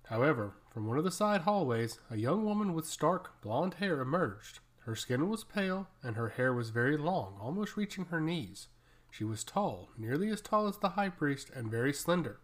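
A man narrating a fantasy story in a steady, even storytelling way. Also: on the high side, normal speed. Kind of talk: scripted fantasy audiobook narration.

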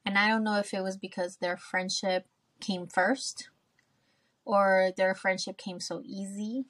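A woman's voice: medium pitch, fairly even intonation, unhurried, fairly bright tone. A woman hosting a podcast, telling a personal story in casual chat. She speaks candidly, swears freely and acts out her own past remarks. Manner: candid, swears freely, tells stories with quoted asides. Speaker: podcast host.

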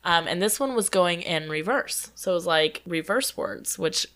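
A woman co-hosting a podcast, telling a story in a casual, animated way and acting out the quoted voices. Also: fairly low pitch, moderate pace. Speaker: podcast co-host.

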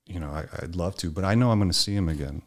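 Deep-voiced man telling candid stories. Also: racing. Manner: animated, swearing, acts out quoted voices. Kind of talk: candid conversational storytelling.

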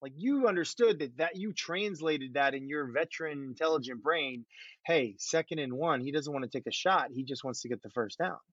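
A man's voice: fairly high pitch, normal speed, fairly bright tone, slightly rough, no echo. A middle-aged man and former pro quarterback, telling stories about himself in a self-deprecating, laughing way in casual conversation. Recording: dull, dry muffled audio.

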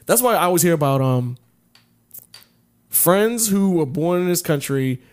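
A man's voice: on the high side, lively intonation, a little slow, darkish tone. A man co-hosting a podcast in casual chat, talking in a rambling, profane way with many restarts. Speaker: podcast co-host.

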